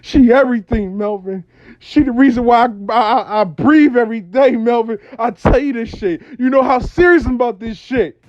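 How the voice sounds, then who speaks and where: Brief: man performing an obsessed lovesick man, high pleading voice, dull dry lo-fi sound. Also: no echo. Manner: pleading, worshipful, rising intensity.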